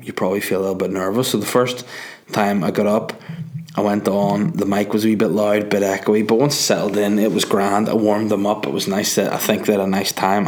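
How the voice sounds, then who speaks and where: A man with a Northern Irish accent, a comedian hosting his podcast, rambling and joking in a sleepy late-night monologue. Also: on the low side. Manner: rambling, joking, swearing freely. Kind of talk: casual monologue.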